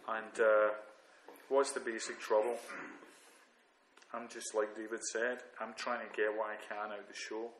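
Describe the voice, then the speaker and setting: A man's voice: lowish voice, flat delivery, moderate pace, fairly bright tone. A man reflecting candidly and with self-mockery on his own drinking and selfishness, often restarting his sentences. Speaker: recovering alcoholic sharing on the program. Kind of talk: reading aloud then personal reflection. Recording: roomy echo, faint background noise.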